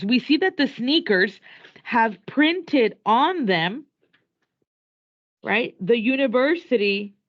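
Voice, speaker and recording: A woman teacher with a bright, fairly high voice lectures her class in an animated way, switching between English and Spanish. She is recorded in a classroom. The sound is dull and lo-fi.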